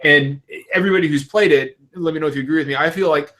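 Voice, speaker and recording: A man with a slightly higher voice hosting a gaming podcast. He tells stories with excitement and swears freely, the way people talk casually among friends. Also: fast. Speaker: podcast host.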